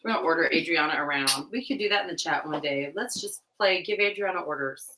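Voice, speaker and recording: A young woman co-hosting a casual livestream chat, rambling and giggling, getting loud and excited as she tells stories. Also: low voice, fast talker, far from the mic, noisy background. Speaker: livestream co-host. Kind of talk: casual chat while cleaning tack. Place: room at home. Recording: roomy echo.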